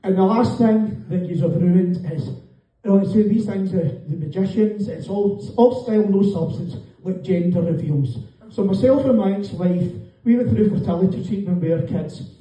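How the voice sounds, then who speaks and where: Middle-aged Scottish stand-up, sweary and mocking, heard from a distance in a dull-sounding club. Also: male voice, high voice, moderate pace, mellow. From Scotland. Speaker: stand-up comedian. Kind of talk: stand-up comedy set. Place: comedy club, live audience. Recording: echoey room, distant mic, dull sound. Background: audience laughter.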